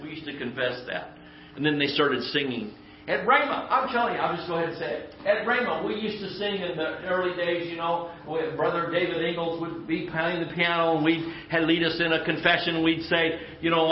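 A man preaching a conversational sermon in a church, folksy and emphatic, with quick asides. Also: fairly high pitch, slight background noise. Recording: echoey church room, dull lo-fi sound.

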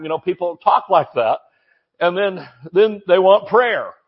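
A man's voice: high voice, animated, normal speed, breathy edge, muffled recording. A man preaching a sermon in a folksy, joking, emphatic way.

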